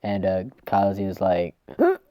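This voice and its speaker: A man's voice: mid-range voice, moderate pace, dark tone, no echo, clean studio sound. A man casually recapping a manga chapter, rambling, swearing and tripping over his words. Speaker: manga reviewer.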